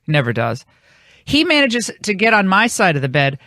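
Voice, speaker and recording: A woman's voice: mid-range voice, sing-song, a little fast, fairly bright tone, no room sound. A woman hosting a radio talk show, telling a long rambling anecdote in casual on-air chat. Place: radio studio.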